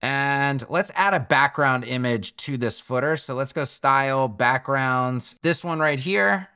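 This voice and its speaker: Bright, clear-voiced man talking through code. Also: medium pitch, unhurried. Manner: thinks aloud while clicking through settings, self-correcting. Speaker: web development tutor. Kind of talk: screen-recorded coding tutorial.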